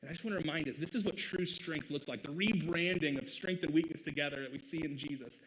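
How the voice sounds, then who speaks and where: Earnest pastor, slightly high voice. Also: male voice, fast, a bit bright, a little hiss or hum, low-quality recording. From Midwest United States. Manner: conversational, earnest, laughs between points. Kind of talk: sermon.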